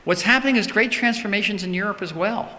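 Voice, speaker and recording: Man, bright forceful voice, emphatic speaker fielding questions, long hall reverb. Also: sits high, fast talker. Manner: emphatic, repeats words for stress. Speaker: politician answering audience questions. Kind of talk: public talk with Q&A. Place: synagogue hall.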